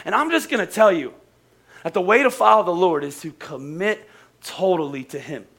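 High, bright-voiced pastor. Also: male voice, moderate pace, gravelly. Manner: joking, animated, repeats phrases for emphasis. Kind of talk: lively conversational sermon.

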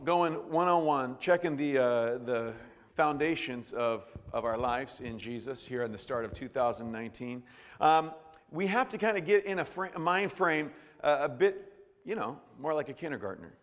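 A man's voice: fairly high pitch, lively intonation, moderate pace, a bit bright. A man preaching a sermon as a pastor in a church, in a jokey, conversational way with frequent restarts. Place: church sanctuary. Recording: long reverb in a church hall.

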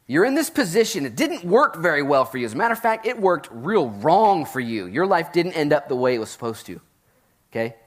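A man preaching a Bible-teaching sermon in a casual, animated way, with jokey asides. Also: a little high, fairly quick. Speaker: pastor.

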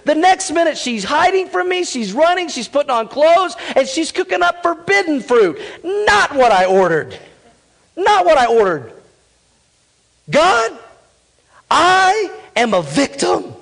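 A man's voice: very high-pitched, sing-song, a little slow, gravelly, fairly bright tone, in a large hall, pitched above the performer's own voice, exaggerated voice. A man voicing Adam as a whiny, blame-shifting young man, comic and exaggerated.

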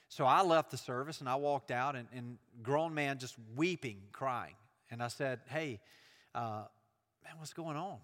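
A man's voice: medium pitch, normal speed, a bit bright. Man preaching in a reverberant hall. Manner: earnest, building emphasis with repetition. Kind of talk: sermon.

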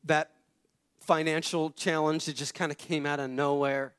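Pastor with a slightly high voice, storytelling. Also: male voice, little pitch movement, moderate pace, fairly bright tone, clean tone. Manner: storytelling, repeats phrases for emphasis. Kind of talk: conversational sermon.

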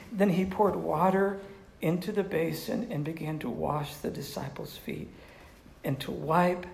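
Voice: medium pitch, creaky, a little mellow. A pastor giving a conversational sermon who tells stories and asks the audience questions. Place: room with a live audience. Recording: roomy echo with faint background noise.

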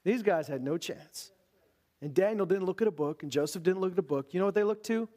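High-voiced preacher telling the story. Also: male voice, brisk. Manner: conversational, animated storytelling. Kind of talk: sermon with scripture reading.

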